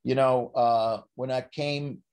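Give me an older man from South Africa telling a personal story at a medium pitch, pausing and restarting his sentences. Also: steady tone, darkish tone, smooth. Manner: halting, with many restarts and repeated words. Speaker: speaker sharing a recovery story.

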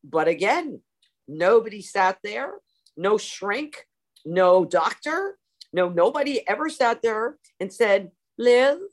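A woman's voice: medium pitch, sing-song, slow. A woman telling her recovery story at a meeting over a video call, theatrical and self-mocking. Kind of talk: personal storytelling talk.

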